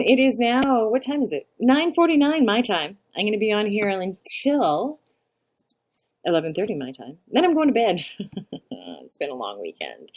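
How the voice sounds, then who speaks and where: A woman hosting an indie music show, chatting casually and rambling as she introduces songs from home. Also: lowish voice. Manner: chatty and rambling, laughs often. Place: home during a storm.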